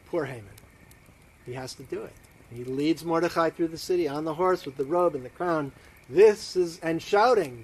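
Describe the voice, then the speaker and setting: A man's voice: a little high, normal speed, darkish tone, a little hiss or hum. A man, a rabbi, telling a holiday story dramatically, dropping to near whispers and swelling up again. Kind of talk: storytelling to a congregation online.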